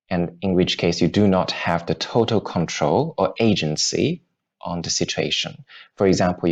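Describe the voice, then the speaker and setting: Slow deep-voiced man teaching grammar. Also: vocal fry, dull audio. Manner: patient, explains with repeated examples. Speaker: language teacher. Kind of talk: grammar lesson.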